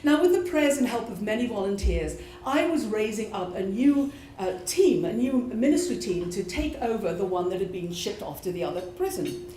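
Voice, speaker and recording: A woman's voice: medium pitch, moderate pace, slight background noise. A British woman and former prison chaplain, telling a true personal story expressively at a live show. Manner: animated, expressive. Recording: echoey room from a live show.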